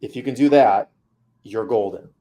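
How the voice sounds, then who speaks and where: A man's voice: on the low side, moderate pace, dark tone. A man coaching a student through feedback on her mock interview, candid and casual.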